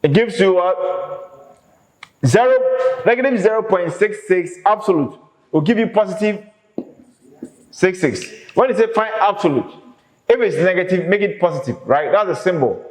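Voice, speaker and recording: A man's voice: high-pitched, animated, moderate pace. Guy teaching econ, very emphatic, keeps asking the class stuff, roomy echoey sound. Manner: emphatic, repeats questions to the class. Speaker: economics lecturer. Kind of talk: classroom lecture. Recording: echoey reverberant room.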